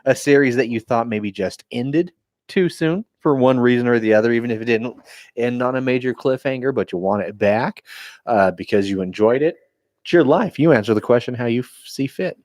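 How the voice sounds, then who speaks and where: A man co-hosting a podcast, relaxed and conversational while reviewing beer with a friend. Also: mid-range voice, fairly quick, dry recording, clean studio sound. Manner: laid-back, relaxed, conversational. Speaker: podcast co-host. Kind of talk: casual beer review chat.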